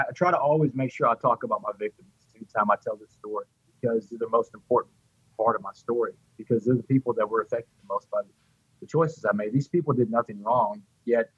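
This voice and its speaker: A man's voice: mid-range voice, a bit bright, breathy edge, no room sound, lo-fi sound. A middle-aged man telling his recovery story in an interview, heartfelt and repeating words as he goes. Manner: heartfelt, repeats words, addresses the host by name.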